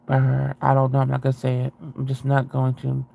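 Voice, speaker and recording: A man's voice: mid-range voice, monotone, fairly quick, vocal fry, warm tone. A man hosting a casual video chat, reading viewer comments aloud with a rambling, self-interrupting way of talking and frequent laughs.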